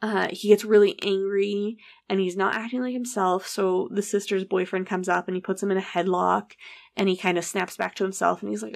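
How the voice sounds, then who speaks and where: With a creaky, medium-pitched voice, a woman tells a true story fairly quickly. Her delivery is casual and lively; she performs the quoted dialogue and swears without hesitation.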